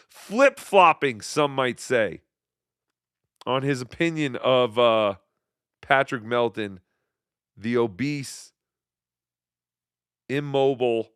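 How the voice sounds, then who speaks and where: A man's voice: medium pitch, fairly bright tone, clean tone, no echo, clean studio sound. A male podcast host giving mocking, sarcastic commentary on clips.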